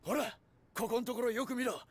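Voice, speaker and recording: An actor voicing a brash young male gangster in a video game, with a gravelly, husky voice. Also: very high-pitched, fairly even intonation, very fast. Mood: boastful.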